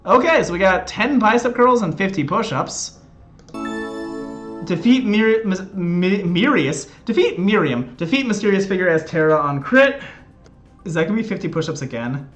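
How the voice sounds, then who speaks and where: A man's voice: high voice, animated, moderate pace, a bit bright, dull audio, faint music behind. A man streaming a video game, chatting casually with his chat and joking about his exercise punishments. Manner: chatty, joking, self-mocking.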